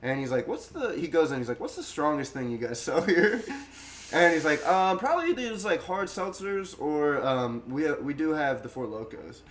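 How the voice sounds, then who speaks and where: A young man with a slightly higher voice tells a rambling story in casual podcast chat. He acts out the other people's lines in quick bursts and laughs as he goes. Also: a little hiss or hum. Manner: animated, acts out quotes, laughs often. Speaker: guest storyteller.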